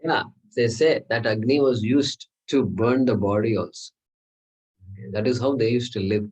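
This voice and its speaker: On a rough recording, a man with a darkish mid-range voice speaks unhurriedly as he teaches a scripture class in a classroom. He builds the explanation step by step, repeatedly checks "okay?", and asks his class rhetorical questions.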